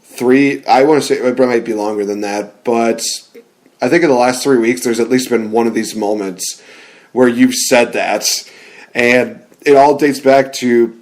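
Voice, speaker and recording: Young male co-host, excitable rambler, quick to laugh, casual chat delivery. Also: mid-range voice. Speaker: podcast co-host.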